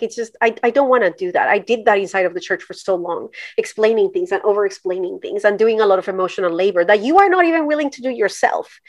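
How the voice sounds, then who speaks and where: A woman's voice: medium pitch, dry recording. A middle-aged woman from Colombia, a podcast guest telling her story candidly. She talks directly and emphatically, slipping into voices of the people she quotes.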